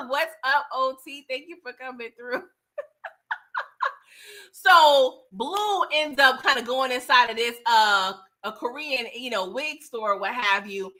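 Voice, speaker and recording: A woman casually breaking down a movie for her vlog, chatty and animated, often laughing and dropping slangy asides. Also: high voice, takes it slowly. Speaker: movie reviewer.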